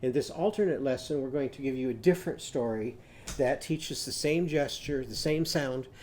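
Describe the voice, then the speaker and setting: A man's voice: mid-range voice, normal speed, a little mellow, slight background noise. A man teaching a children's phonics lesson, patiently coaxing and sing-song, chanting animal sounds for kids to repeat. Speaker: literacy teacher.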